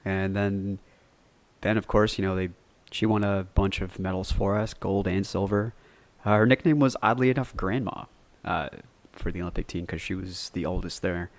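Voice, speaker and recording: A man's voice: low-pitched, fairly even intonation, normal speed, no room sound. A man hosting a podcast, telling a personal story in a loose, rambling way with some cursing. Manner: rambling, loose, cusses freely. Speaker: podcast host. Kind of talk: casual solo storytelling.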